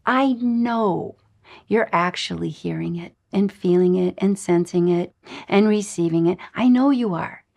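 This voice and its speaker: A middle-aged woman giving a spiritual lesson, an animated storyteller who acts out the dialogue in her own stories. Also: lowish voice, unhurried, vocal fry. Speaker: spiritual teacher. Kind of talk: recorded lesson with personal stories.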